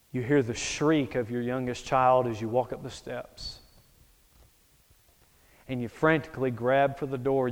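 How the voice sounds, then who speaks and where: High smooth-voiced preacher, slow dramatic sermon, big echoey hall. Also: male voice. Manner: dramatic storytelling, swings from hushed to loud.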